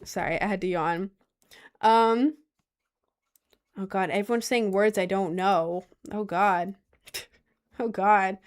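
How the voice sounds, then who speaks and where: A young woman from Maryland chatting casually on a live stream, gushing excitedly and reading the chat aloud. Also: mid-range voice, takes it slowly, long pauses. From Maryland, United States.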